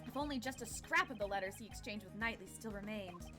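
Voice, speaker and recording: A woman reading the lines of a cool, composed male prosecutor in a game, with a measured, formal delivery. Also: medium pitch, over music, natural voice. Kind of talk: game dialogue read aloud.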